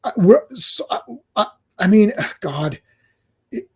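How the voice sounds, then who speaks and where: Brief: male host, a little high-pitched, mellow tone, casual rambling review, lots of ums and restarts. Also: sing-song, husky. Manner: halting, many restarts and filler ums. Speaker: podcast host. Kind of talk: casual chat reviewing a cartoon.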